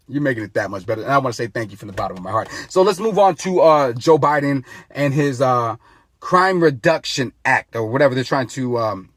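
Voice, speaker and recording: A man's voice: a little high, fairly bright tone, no room sound. A man hosting his own political commentary channel, talking to viewers in an impassioned, repetitive way. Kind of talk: casual political commentary to camera.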